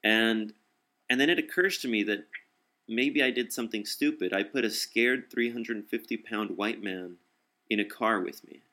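A young man telling a personal story in casual talk, blunt and profane, often halting and restarting. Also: lowish voice, bright, forceful tone. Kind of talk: casual spoken anecdote.

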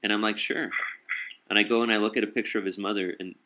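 A young man telling a personal story in casual talk, blunt and profane, often halting and restarting. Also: fairly low pitch, flat delivery, background noise. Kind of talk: casual spoken anecdote.

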